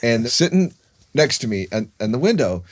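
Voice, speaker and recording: A man's voice: mid-range voice, very animated, normal speed. A man in his fifties, a guest in a casual interview, telling stories in a rambling way with frequent restarts. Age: 50s.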